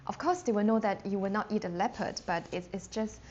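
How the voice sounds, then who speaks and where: A woman who speaks natively teaching a live online beginner lesson, chatty and full of fillers, slowly sounding out Chinese words with exaggerated tones. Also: mid-range voice, a little mellow. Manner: chatty, loose, with many fillers and self-restarts. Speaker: Mandarin teacher. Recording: dull lo-fi stream audio with faint background noise.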